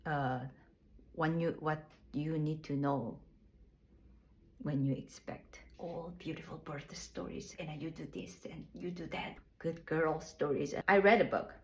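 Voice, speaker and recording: A woman casually telling her own birth story, candid and plainspoken, with loose, halting phrasing and laughs at herself. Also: sits low, steady tone, vocal fry, poor audio.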